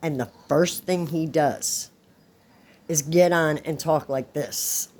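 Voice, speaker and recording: Slow, blunt middle-aged woman. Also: low voice, a little mellow. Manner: blunt, scolding. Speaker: co-host reacting to a clip. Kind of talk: casual reaction chat.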